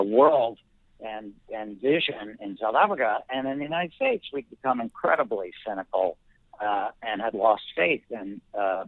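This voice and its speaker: A middle-aged man of mid pitch tells his story slowly and thoughtfully, with frequent pauses and restarted phrases. His voice comes over a narrow, tinny phone line, and the sound is dry and close with no room around it. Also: no room sound. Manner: thoughtful, halting, many fillers and restarts. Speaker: guest. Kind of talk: reflective personal storytelling.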